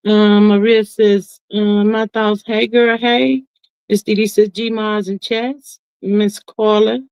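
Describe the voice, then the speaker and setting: Her voice sits at medium pitch with little movement, a little mellow and clean in tone. A middle-aged woman hosting a live stream, she reads viewer comments and calls everyone honey and child in a casual, folksy chat, emphatic and chatty with drawn-out asides. The recording is dry, lo-fi, and slightly muffled.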